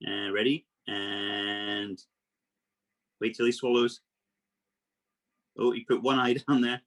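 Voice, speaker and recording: A man presenting an exotic animal workshop over a video call, explaining facts to children in a lively, playful way. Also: fairly low pitch, slow.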